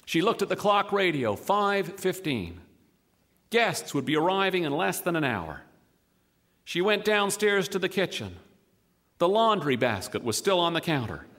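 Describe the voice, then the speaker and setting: A man telling a humorous story with wry, deliberate comic timing. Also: sits high, very animated, a bit bright, big-room sound.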